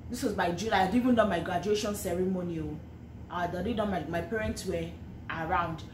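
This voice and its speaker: Speaking fast in a fairly low voice, a young Nigerian-accented woman shares a personal story and reflects on her faith in her vlog. She is chatty and earnest, frequently restarting and repeating phrases. The echoey room carries faint ambience plus a little hiss or hum.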